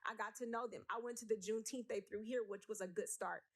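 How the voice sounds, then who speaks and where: A woman speaks fast in a medium pitch with a steady tone, delivering a heated address to the city council. She sounds emotional and makes her case bluntly and with strong emphasis.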